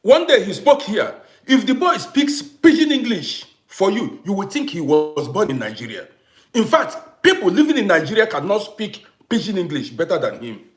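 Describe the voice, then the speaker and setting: A man's voice: high-pitched, big pitch swings, normal speed, reverberant, faint music behind. A middle-aged man from Africa hosting a casual live stream, talking emphatically to his viewers, repeating points and greeting them by name. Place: home in Vienna.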